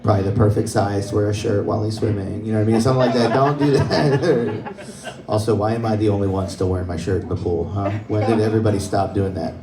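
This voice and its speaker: A young man fires off his stand-up set in a fairly low, flat voice at a rapid-fire clip, telling conversational stories and laughing at his own jokes. Crowd noise fills the roomy club, captured by a distant mic.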